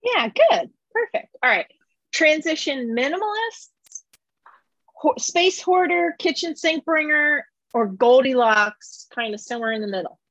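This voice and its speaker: A woman's voice: sits high, expressive, fairly bright tone, dry recording. Chatty woman interviewer, muffled close dry recording. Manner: chatty, quick storyteller. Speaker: podcast host. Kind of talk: casual interview. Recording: dull muffled sound.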